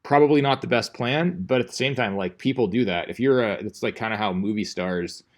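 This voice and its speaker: A man's voice: fairly low pitch, brisk. Rambling male teacher giving a casual lecture. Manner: rambling, conversational, many fillers and restarts.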